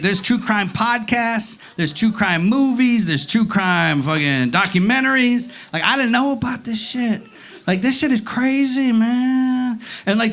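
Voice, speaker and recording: A man's voice: high-pitched, pushed and bright. A man doing a profane, rambling stand-up set on a comedy club stage, acting out voices as he goes.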